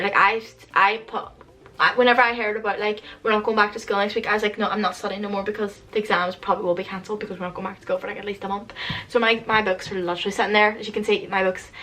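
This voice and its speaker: A woman's voice: medium pitch, a bit bright. Exasperated young woman ranting, distant mic. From United Kingdom. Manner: rambling and exasperated, heavy use of "like". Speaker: vlogger. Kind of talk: casual rant to camera. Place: at home.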